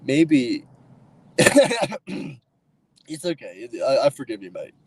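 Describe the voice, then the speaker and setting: Man, livestream host, mid-pitched, rambling, swearing, casual chat. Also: huge pitch swings, takes it slowly, background noise. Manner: profane, rambling, argumentative with chat. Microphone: streaming mic.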